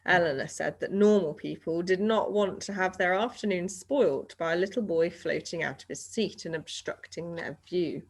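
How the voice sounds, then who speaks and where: A woman reading a children's novel aloud, steady and expressive. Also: lowish voice, slight background noise. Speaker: reader.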